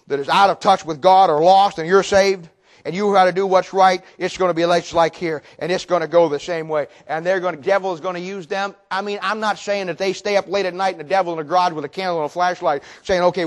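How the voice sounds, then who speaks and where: A man preaching a sermon, animated and storytelling, acting out the people in his stories, often repeating words as he goes. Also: high-pitched. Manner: animated, acts out quoted voices, repeats words.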